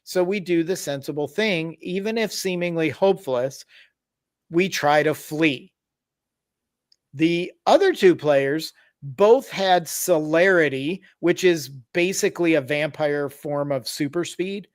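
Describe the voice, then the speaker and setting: A man's voice: fairly high pitch, a little slow. A man hosting a podcast, casually telling a tabletop horror story with wry asides and explanations. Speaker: podcast host.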